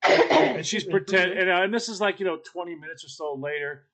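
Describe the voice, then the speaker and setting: A man's voice: high-pitched, a little fast, over a noisy crowd. A man telling a long, rambling story in casual podcast chat, with many fillers and restarts.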